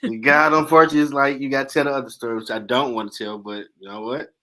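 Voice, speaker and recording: A man's voice: medium pitch, quick pace. A man hosting a talk show, telling a funny personal story and acting out the dialogue in casual slang. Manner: animated, acts out dialogue in slang. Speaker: host.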